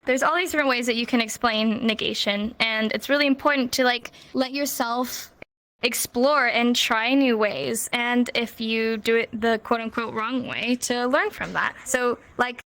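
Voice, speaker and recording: A woman teaching a sign language class in a relaxed, teasing way, slowing down to model each phrase. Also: on the high side, poor audio. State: hot and sweaty. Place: warm room, virtual reality class.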